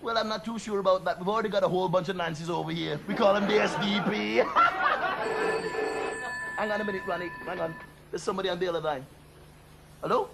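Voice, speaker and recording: Gravelly brash man on a phone gag. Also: sits high, fast, pauses often, heavy background noise. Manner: brash, cheeky, boastful. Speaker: comedy presenter doing a prank phone call sketch. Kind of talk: comic monologue on a phone call.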